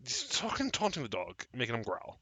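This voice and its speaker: A man narrating as game master of a tabletop game in measured, descriptive narration. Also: mid-range voice, wildly swooping pitch, bright, forceful tone.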